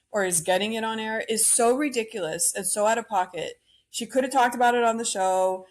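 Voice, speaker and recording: A woman hosts her own podcast alone and airs her views bluntly, cursing freely as she rants about the latest celebrity news. Her voice sits in an ordinary middle pitch, and her strong opinions carry the talk. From Cuban-American. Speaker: podcast host. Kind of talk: solo opinion podcast rant.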